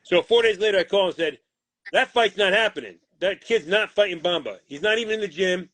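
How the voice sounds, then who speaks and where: His pitch sitting high and his pace a little quick, a boxing manager recounts a deal that went bad. The retelling is blunt and full of curses, with quoted voices throughout this heated interview, and the recording is dry.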